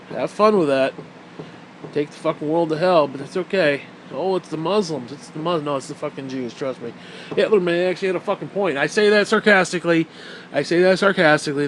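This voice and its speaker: Man, slightly high voice, profane rambling rant, faint background hum. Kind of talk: casual rant.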